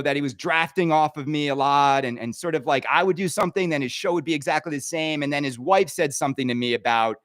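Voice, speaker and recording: Brief: middle-aged male host, high voice, bone-dry close sound, heated rambling rant. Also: no room sound. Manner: animated, swinging between loud outbursts and quiet asides. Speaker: pinball show host. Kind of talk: ranting monologue.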